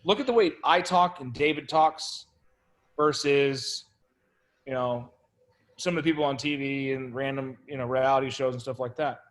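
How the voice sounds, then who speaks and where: A man coaching a room of agents, animated and coaxing, calling out to the group. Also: medium pitch, normal speed. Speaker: sales trainer. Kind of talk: energetic group coaching session.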